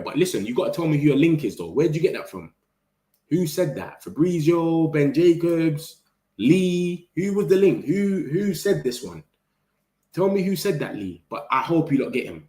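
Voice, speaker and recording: Young guy ranting to chat, slangy n animated, roomy echo. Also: lowish voice. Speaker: football channel host reading live chat. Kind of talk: casual livestream chat. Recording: echoey room.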